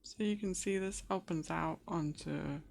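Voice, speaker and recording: Woman game master, low-ish gravelly voice, unhurried, halting with lots of ums. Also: a little mellow. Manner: hesitant, many fillers and restarts. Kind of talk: narrating a tabletop game.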